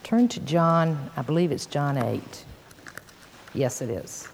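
A woman leads a sermon, reading scripture aloud with bold emphasis and dropping folksy asides to her listeners. Her voice swings widely in pitch. Long reverb trails her words. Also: animated, slow, darkish tone, slight background noise. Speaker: Bible teacher.

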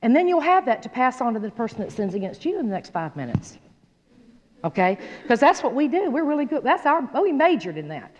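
A woman teaching a Bible study in a folksy, animated way, often checking in with her listeners. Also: fairly high pitch, a little fast. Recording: dull sound in a reverberant hall.

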